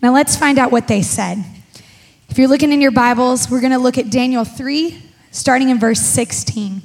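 A woman's voice: high voice, moderate pace, darkish tone. A woman who is a kids pastor, speaking, reading scripture and preaching in a playful, chatty way. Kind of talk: sermon, Bible reading.

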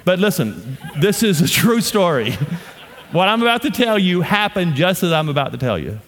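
Preacher guy from louisiana, kinda high voice, cracking jokes to the crowd, long echo off a big hall. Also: very animated, moderate pace, a bit bright, slight background noise. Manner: humorous storytelling, playful asides to the audience. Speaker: pastor. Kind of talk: sermon. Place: church auditorium. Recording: long reverb of a large hall.

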